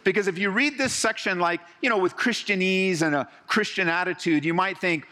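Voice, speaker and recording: A man preaching a sermon to his congregation, talking conversationally and swinging between lively and hushed delivery. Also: high-pitched, fairly quick, hardly any pauses. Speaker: pastor. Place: church hall. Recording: long hall reverb.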